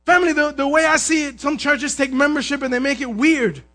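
This is a man with a very high, bright voice delivering an energetic sermon as a pastor. He often raises his voice to a shout and asks the congregation for an "amen" as he goes. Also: brisk.

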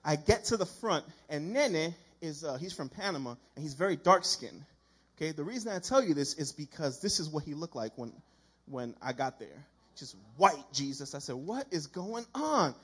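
A man preaching a sermon in a conversational, animated storytelling way, acting out the dialogue he quotes. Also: on the high side, normal speed, slightly rough.

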